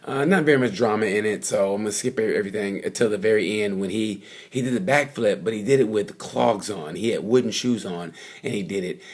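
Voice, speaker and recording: A man with a fairly low, breathy-edged voice talks fairly quickly as he recaps motorcycle races at the track. It's a casual, spontaneous vlog, rambling and packed with fillers and tangents.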